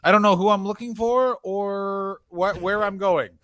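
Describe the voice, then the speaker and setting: A man's voice: high voice, fairly even intonation, a little slow, a bit bright. A man co-hosting a podcast, a touring comedian trading wry, laid-back stories. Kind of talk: casual comedic chat.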